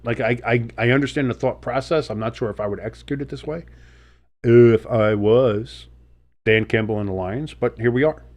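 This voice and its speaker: A man's voice: mid-range voice, moderate pace, darkish tone. A man with a sick, sniffly voice doing play-by-play commentary and reactions, blunt and swearing freely, jumping up on big plays. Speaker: sports streamer.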